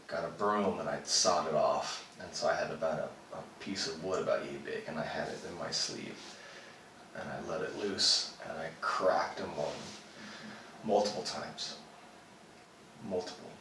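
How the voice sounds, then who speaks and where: A man's voice: low-pitched, normal speed, a bit bright. A male actor playing a vengeful, unhinged man who confesses a brutal revenge in blunt, profane storytelling, as a dramatic monologue. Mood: intense, gleeful. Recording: echoey room, far from mic, noisy.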